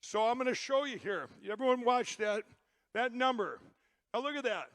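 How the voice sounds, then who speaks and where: A man hosting a live event, talking to the crowd in a rambling, excitable and pointed way. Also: extremely high pitch, normal speed. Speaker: event host. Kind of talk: live presentation to an audience.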